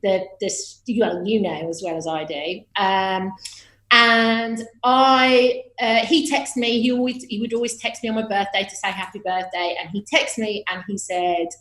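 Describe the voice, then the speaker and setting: A woman guest on a radio show, chatting and telling stories in a lively, joking way. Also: medium pitch, measured pace. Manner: lively, chatty storyteller who jokes. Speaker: celebrity guest. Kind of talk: casual radio chat. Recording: echoey roomy sound.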